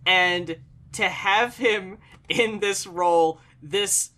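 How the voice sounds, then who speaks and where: Casual movie talk, enthusiastic, rambling, bright tense voice, mid pitch. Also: extremely slow. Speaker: co-host of a movie review show. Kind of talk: casual chat.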